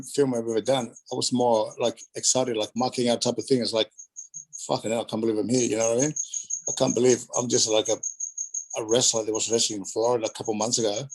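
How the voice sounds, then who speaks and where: A man's voice: medium pitch, slightly rough, low-quality recording. Rambling man telling stories. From Australia. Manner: rambling, animated, lots of fillers. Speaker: guest, retired wrestler. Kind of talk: casual storytelling interview.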